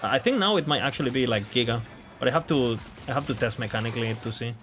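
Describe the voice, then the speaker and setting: A man's voice: mid-range voice, expressive, fast talker, fairly bright tone. A man with a mid-range voice chats casually while streaming a game. He thinks aloud, hedges and repeats his words as he weighs his options. A faint noise hums behind him.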